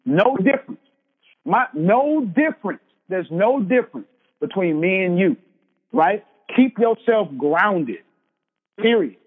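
Man, 30s, motivational speaker: high voice, preachy repetition, thin phone-like audio in a long-echo hall. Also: sing-song, slow pace, breathy edge. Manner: preachy, emphatic, repeats lines for effect. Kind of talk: motivational speech. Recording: tinny phone-like sound with long hall reverb.

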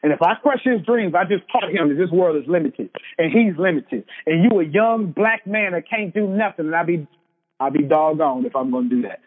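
A man's voice: a little high, lively intonation, a little fast. A man in his thirties giving an emphatic motivational speech, hammering points home by repeating them. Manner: preachy, emphatic, repeats lines for effect. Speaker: motivational speaker. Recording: tinny phone-like sound with long hall reverb.

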